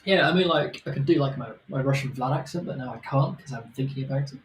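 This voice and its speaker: Fast-talking, joking man. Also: medium pitch. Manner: joking, rapid banter. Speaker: livestream co-host. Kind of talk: casual chat.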